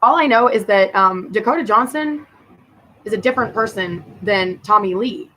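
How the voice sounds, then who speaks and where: A woman venting to her camera at her sister, bitter and profane, her voice dropping low or flaring hot. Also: animated, moderate pace, bright, forceful tone, slight background noise, rough recording. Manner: swings between muttering and heated outbursts. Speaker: vlogger addressing her sister. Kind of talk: personal rant to camera.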